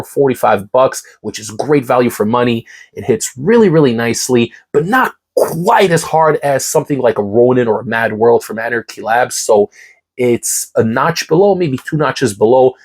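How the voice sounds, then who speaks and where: Husky congested male reviewer, enthusiastic hype style, casual ranking talk. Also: mid-range voice, darkish tone. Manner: enthusiastic, hype-driven, repeats key words. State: congested, recovering from a cough. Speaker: supplement reviewer.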